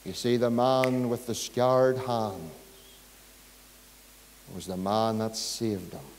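Slow Northern Irish preacher in a hall. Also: male voice, lowish voice, steady tone, a little hiss or hum. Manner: storytelling, builds to fervent pleading. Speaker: pastor. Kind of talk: sermon. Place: church. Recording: long hall reverb.

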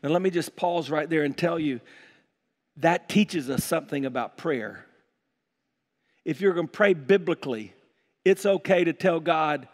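A man preaching a sermon as pastor, animated and acting out scripture passages with playful voices. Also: high-pitched, moderate pace, long reverb tail. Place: church sanctuary.

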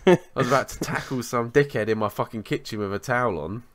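A man co-hosting a podcast, telling a story in a sweary, animated way in casual chat. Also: mid-range voice, quick pace, slight background noise. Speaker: podcast co-host.

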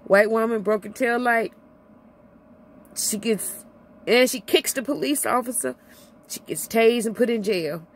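On her vlog, a middle-aged woman from Illinois rants passionately about something personal, near tears, her pitch rising and falling as she says the same things again. Her pace is a little slow, broken by long pauses.

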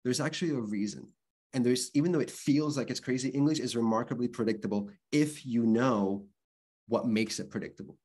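Man, workshop presenter, conversational and explanatory, mid-pitched voice. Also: brisk, darkish tone, husky. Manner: conversational, explanatory, spells out sounds. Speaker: literacy presenter. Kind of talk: workshop lecture.

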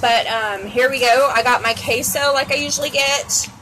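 A woman's voice: high voice, normal speed, fairly bright tone. A woman from Texas with a Texan accent, chatting frankly as she films a mukbang vlog on her phone. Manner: chatty and frank, with mild cursing. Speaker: mukbang vlogger. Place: outdoors at a cafe table, windy. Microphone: phone camera. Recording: noisy outdoor phone recording.

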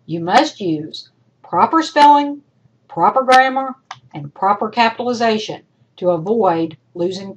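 A woman college instructor recording feedback for her class, emphatic and encouraging, talking straight to her students, her voice worn and going hoarse. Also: medium pitch, muffled recording.

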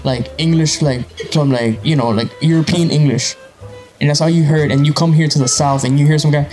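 Rambling dude cohosting a podcast, kinda high voice, faint music behind. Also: male voice, fairly even intonation, a little fast, a little mellow. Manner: rambling, repeats himself, lots of "like" and "bro". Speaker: podcast co-host. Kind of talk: casual chat.

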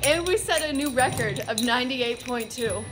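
A woman's voice: high voice, expressive, normal speed. A young woman vlogging on a bus late at night, tired and giddy, laughing between lines. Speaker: vlogger, color guard member. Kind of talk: casual vlog. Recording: loud music over the voice.

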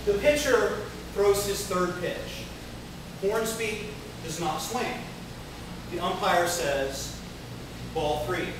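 A man's voice: sits high, slow. A man performing a spoken-word poem before a live audience, telling a story in a dramatic, wry way. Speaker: poet. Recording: echoey room, distant mic, noisy.

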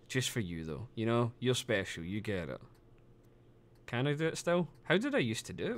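A man chatting casually on a live stream, excitable and swearing freely, laughing often as he talks to his chat. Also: mid-range voice, normal speed.

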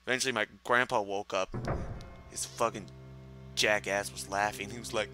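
A man's voice: on the low side, fairly even intonation, moderate pace, pushed and bright. A young man casually telling a long story while playing a video game, swearing often and full of fillers. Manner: laid-back, profane, filler-heavy, laughing asides. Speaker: gameplay commentator. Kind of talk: casual storytelling over gameplay. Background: video game music.

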